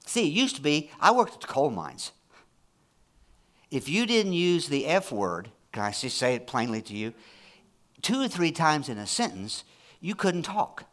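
Lively, bright-voiced preaching man. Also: on the high side, unhurried. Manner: animated and emphatic, repeating phrases. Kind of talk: sermon. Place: church service.

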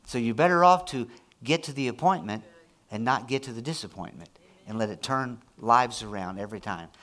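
A man preaching a sermon, moving between quiet, low passages and loud, high-pitched, excited prayer. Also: a little fast. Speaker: pastor.

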